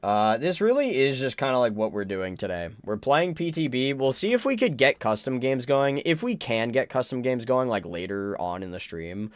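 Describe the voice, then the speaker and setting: A man's voice: medium pitch, sing-song, moderate pace, hardly any pauses, no echo. A young man chatting casually on a live stream, rambling, stammering and joking bluntly as he reacts to viewers. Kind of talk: casual livestream chat.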